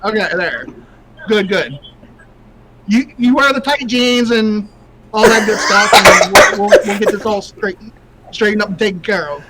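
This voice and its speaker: A man on a live stream podcast, teasing someone over the phone in a deadpan way. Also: sits high, a little slow, very noisy. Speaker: co-host. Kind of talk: casual livestream banter.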